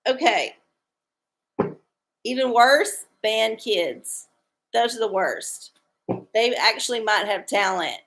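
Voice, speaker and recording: A woman's voice: a little high, slow pace, pauses often, fairly bright tone, slight background noise. A woman hosting a tarot livestream, chatting casually with viewers in an irreverent, rambling way and joking crudely. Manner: irreverent, rambling, crude jokes, chuckles often. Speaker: tarot-reading livestream host.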